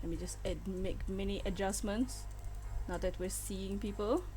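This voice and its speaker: Her voice is medium-pitched and mellow, with fairly even intonation at a normal speed. Playing a game live, she chats easily with her viewers and giggles frequently over soft game music.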